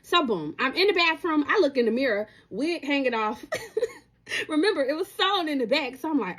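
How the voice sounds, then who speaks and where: A young woman telling a dramatic personal story to her viewers in a casual, animated way. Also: sits high, moderate pace. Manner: animated, talks straight to viewers.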